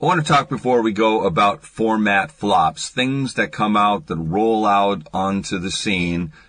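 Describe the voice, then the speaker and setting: Curious radio host man, husky. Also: lowish voice, unhurried, fairly bright tone, no echo. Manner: conversational, curious questioning. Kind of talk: radio interview.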